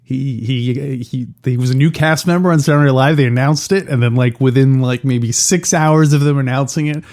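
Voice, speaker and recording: A man's voice: medium pitch, normal speed, a little mellow. Rambling male podcast co-host. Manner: rambling anecdotes, lots of fillers. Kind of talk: casual podcast chat.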